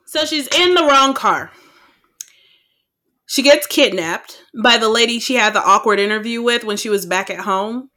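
A woman co-hosts a podcast and recaps a film in loose, profane chat, acting out her own reactions along the way. Her voice is bright and clear, at a middle pitch. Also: moderate pace. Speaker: podcast co-host. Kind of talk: casual movie recap chat.

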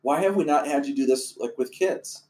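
A man's voice: medium pitch, normal speed, warm tone. A man hosting a casual interview, chatty and playful, laughing easily. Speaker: host.

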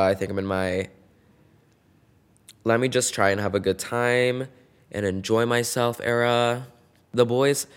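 A young man hosting a casual solo podcast, gossiping in a campy, playful way and swinging between loud bursts and soft asides. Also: medium pitch. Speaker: podcast host.

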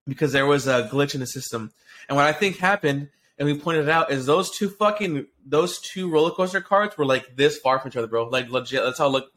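A man co-hosting a casual podcast, telling a long rambling story full of swearing, restarts and fillers. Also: on the high side. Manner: excitable, profane storyteller. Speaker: podcast co-host.

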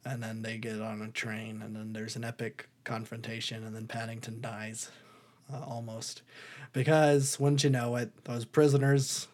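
A man at a middle pitch chats casually on a podcast, rambling through a story and laughing often. He talks loosely with fillers and quick asides. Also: completely flat delivery, darkish tone. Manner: rambling, laughing, breaks into put-on voices for quotes. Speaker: podcast co-host. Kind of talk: casual podcast chat, recapping a movie.

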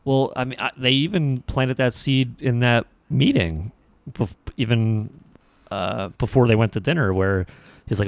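A man's voice: lowish voice, a little slow, creaky, no echo. A man co-hosting a podcast, making laid-back, wry remarks about a movie. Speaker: podcast co-host. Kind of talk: casual movie review chat.

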